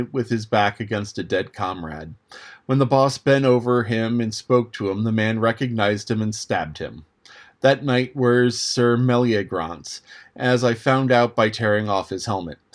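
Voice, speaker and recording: A man narrating a classic novel aloud as an audiobook reader, in a measured, even manner. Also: medium pitch. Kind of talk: scripted narration.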